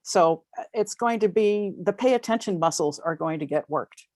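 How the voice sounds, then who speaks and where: A woman's voice: lowish voice, expressive, moderate pace, a little mellow, no room sound. Enthusiastic woman caller, dry close sound. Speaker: dance caller. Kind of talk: casual panel talk. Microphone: video call.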